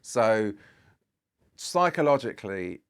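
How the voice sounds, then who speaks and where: Casting: male podcast guest, lowish voice, loose rambling storyteller who acts out dialogue in casual chat. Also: very animated, takes it slowly, smooth. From Britain.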